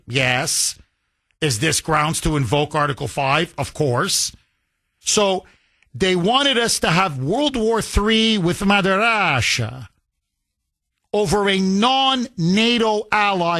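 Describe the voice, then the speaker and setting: A man's voice: high voice, pushed and bright. A male talk radio host, delivering an emphatic, opinionated monologue full of rhetorical questions.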